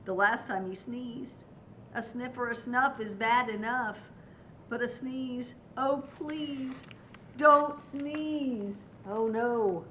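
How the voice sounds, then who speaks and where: An older woman reading a picture book aloud to children, pausing to ask them gentle questions. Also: a little high, slight background noise, poor audio. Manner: gentle, asks young listeners questions.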